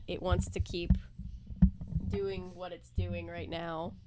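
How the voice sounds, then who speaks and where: A woman's voice: on the low side, little pitch movement, slow, heavy background noise. Laughing woman in casual chat. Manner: laughing, enthusiastic. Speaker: podcast co-host.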